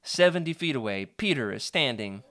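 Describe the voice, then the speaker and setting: A man's voice: mid-range voice, lively intonation, normal speed, a bit bright. A man hosting a live stream, chatty and playful, reading a choose-your-own-adventure book aloud to his viewers.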